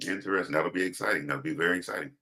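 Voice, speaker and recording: Very deep, husky-voiced man co-hosting. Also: rapid-fire. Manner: relaxed, backchanneling, short agreeing replies. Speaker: podcast co-host. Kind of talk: casual chat.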